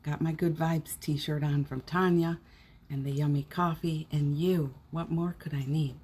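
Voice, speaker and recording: A middle-aged woman with a slightly husky, lower voice hosts a chatty morning live stream from home. She greets each viewer by name with cheerful warmth and talks in a relaxed, casual way. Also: a little slow. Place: home indoors.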